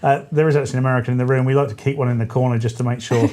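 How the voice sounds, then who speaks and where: A man's voice: mid-range voice, fairly even intonation, very fast, a little mellow. A man in his forties hosting a live talk radio show, chatty and jokey with self-deprecating asides. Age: 40s. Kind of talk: casual live radio chat.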